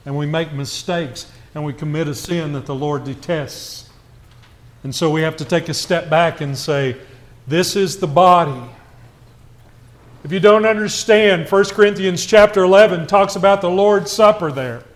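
At normal speed and with a voice on the high side, a man preaches to a church congregation in a conversational way. His sermon mixes rhetorical questions with shifts from subdued asides to raised, insistent moments.

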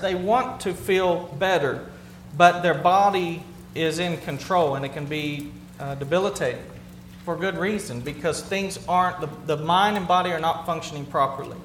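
High-voiced pastor in a roomy hall. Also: male voice, fairly bright tone. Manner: earnest, plain-spoken, repeats and restarts phrases. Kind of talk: conversational sermon. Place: church sanctuary with a congregation. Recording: roomy hall sound with faint hum.

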